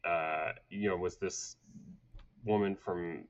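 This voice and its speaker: A man's voice: deep voice, steady tone, takes it slowly. A middle-aged man from Atlanta, a podcast guest telling candid stories with many fillers and restarts. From Atlanta, southern United States. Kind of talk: candid conversational storytelling. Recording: dull lo-fi audio.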